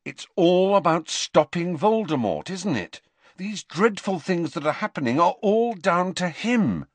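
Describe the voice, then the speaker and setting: Man reading as bright brisk schoolgirl, high lively voice, pitched well up, dry close sound. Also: no room sound, heavily acted. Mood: earnest. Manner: brisk, earnest. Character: brisk clever teenage schoolgirl.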